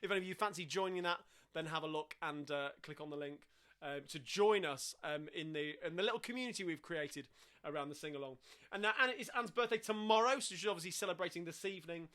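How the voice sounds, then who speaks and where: A man's voice: a little high, quick pace, sharp tone. A man hosting a live-streamed sing-along from home, chatting between songs and reading out viewer messages, with lots of fillers and restarts. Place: at home during lockdown.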